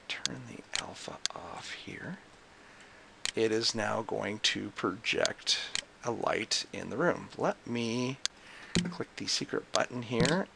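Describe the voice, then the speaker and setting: Gravelly low-voiced man explaining software. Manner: casual, thinking aloud with many fillers. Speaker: software demonstrator. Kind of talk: screen-recorded software tutorial. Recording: noisy home recording with mouse clicks.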